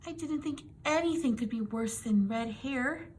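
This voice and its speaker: A chattery, dramatic little orphan girl with red hair, voiced by a woman reading a storybook aloud. She gushes in a breathless, soft and whispery way, rising high when upset. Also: a little slow, a little hiss or hum, natural voice. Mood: pleading, dramatic.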